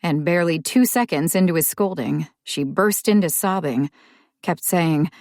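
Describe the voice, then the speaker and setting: A woman narrating an audiobook in a measured, calm way. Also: lowish voice, no room sound, studio quality.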